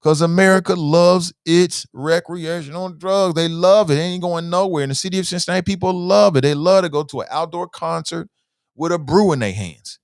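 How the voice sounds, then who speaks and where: Reading out viewer comments in a relaxed livestream-style talk show, this host often begins with "uh" before leaning on key words to make his arguments. He speaks briskly and smoothly in a voice on the high side, with studio-quality audio and no room sound.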